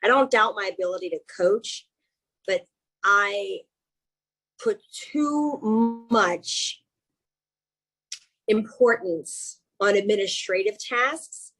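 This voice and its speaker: A woman with a Southern accent coaches a webinar audience over a video call. Her voice has a husky grain, and she keeps her delivery chatty and animated. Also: medium pitch, takes it slowly, pauses often, poor audio. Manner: chatty and animated, with self-mocking asides. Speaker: executive coach. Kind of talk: webinar presentation.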